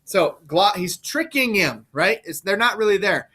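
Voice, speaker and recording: A man's voice: sits high, animated, moderate pace, sharp tone, husky. A male teacher casually explaining a play to students, often checking in with "right?".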